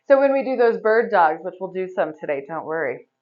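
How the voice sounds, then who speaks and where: A woman teaching a yoga class, giving relaxed, chatty instructions and laughing often. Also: on the low side. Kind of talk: guiding a live yoga class. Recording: slightly dull, lo-fi recording.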